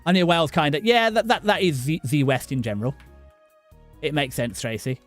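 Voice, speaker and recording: A man's voice: fairly high pitch, soft background music. Chatty man streaming. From southern England. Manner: chatty, talks to chat by name, halting restarts. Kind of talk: casual live-stream chat over gameplay.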